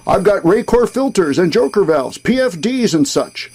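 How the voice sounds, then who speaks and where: A man voicing a drunken, boastful old Santa figure on a boat, loud and jovial in a comic rhyming poem. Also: high-pitched, big pitch swings, moderate pace, slightly rough, faint music behind, pitched above the performer's own voice, heavily acted. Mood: boozy, jolly.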